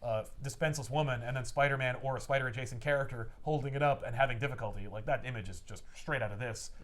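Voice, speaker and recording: A man hosting a casual comic book review chat, retelling scenes in an animated, sarcastic way. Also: mid-range voice, quick pace. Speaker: podcast host.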